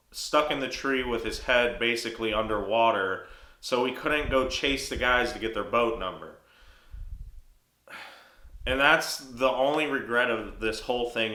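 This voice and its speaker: A man's voice: on the low side, bright, forceful tone, roomy sound, rough recording. A man telling his viewers a story from a fishing trip, agitated and full of restarts. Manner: agitated, retelling an angry story with many restarts. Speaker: fishing vlogger. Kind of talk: storytelling to camera.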